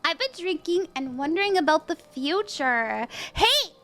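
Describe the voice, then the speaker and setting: A young woman reading tarot on a live stream, gentle and reassuring, laughing easily. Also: extremely high pitch, big pitch swings, unhurried. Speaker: tarot reader.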